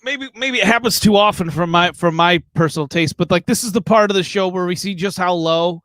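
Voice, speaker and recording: A man with a very high, bright voice co-hosting a gaming podcast. He rambles in an animated way, full of fillers, and the sound is dry and close. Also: fairly quick, no room sound. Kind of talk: casual podcast chat.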